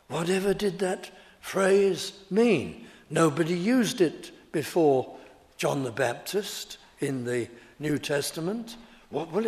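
Slow, emphatic preacher in a reverberant hall. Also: male voice, medium pitch. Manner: emphatic, deliberate, leans hard on key words. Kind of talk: expository sermon. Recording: long reverb of a large hall.

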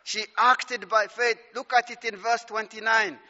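A male preacher delivers a sermon in a high, very bright voice, pacing his words slowly and stressing each point. His voice rings through a big reverberant hall, and the recording sounds somewhat dull. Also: steady tone. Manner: slow, emphatic preaching with scripture readings.

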